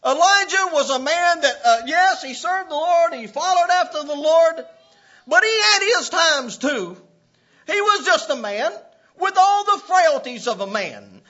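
A man preaching a sermon with passion, often breaking into shouts and laughs. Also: very high-pitched, animated, a little slow. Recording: dull lo-fi recording.

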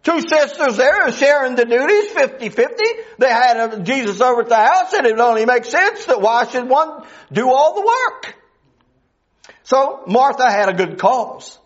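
A man's voice: very high-pitched, very animated, normal speed. A man preaching a folksy sermon that rises into fervent appeals, with frequent restarts and small laughs. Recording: dull lo-fi recording.

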